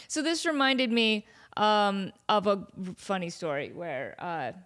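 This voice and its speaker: A woman's voice: mid-range voice, sing-song, slow pace, a bit bright. A woman hosting her own podcast, chatting casually in a playful, self-mocking way with rambling asides. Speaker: podcast host. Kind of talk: casual solo chat.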